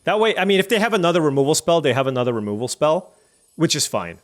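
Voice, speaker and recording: A man's voice: on the high side, lively intonation, fast. A man streaming a digital card game, chatty and musing aloud over each play as he weighs his options. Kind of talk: thinking aloud while playing.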